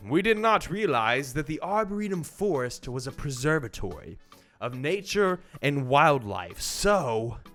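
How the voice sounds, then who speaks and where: A young man telling a childhood story to camera in a casual, animated way. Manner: animated, acts out quoted voices with big pitch jumps. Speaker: vlogger.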